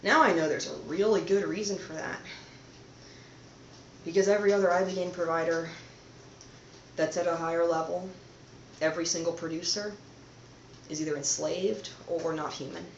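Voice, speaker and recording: Woman host, soft-spoken conspiratorial monologue to camera; roomy, dull-edged home audio. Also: lowish voice, fairly even intonation, normal speed, pauses often, a little hiss or hum. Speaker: channel host.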